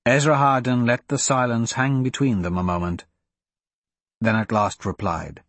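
A man narrating an audiobook in an unhurried, expressive way. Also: mid-range voice, no room sound. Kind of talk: scripted narration.

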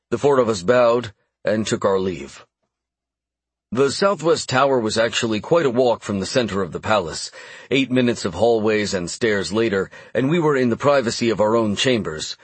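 Male audiobook narrator, expressive, husky tone, dry close-mic sound. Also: on the low side, no echo. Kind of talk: first-person fantasy narration.

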